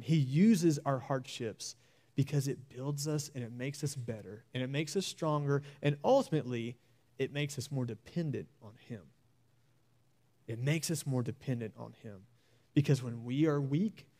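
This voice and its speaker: A young man preaching a sermon in an earnest, exhorting way, repeating key phrases slowly for emphasis. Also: medium pitch, dark tone.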